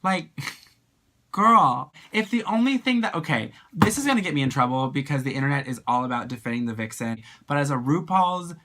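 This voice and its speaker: A drag performer giving a casual video review, animated and gushing, full of slang and sudden high excited exclamations. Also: quick pace, hardly any pauses.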